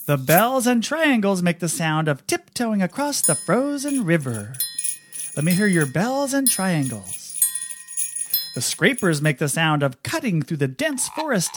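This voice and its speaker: Woman, preschool music teacher, sing-song storytelling, lively swooping pitch, guitar playing behind. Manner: animated sing-song, leading children in songs and a story.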